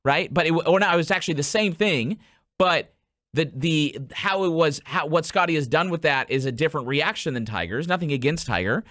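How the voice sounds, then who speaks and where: A man's voice: on the high side, brisk, no room sound, studio quality. A man in his thirties hosting a golf podcast, coaching casually and acting out little stories with quoted voices. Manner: animated storyteller, acts out quotes in changed voices.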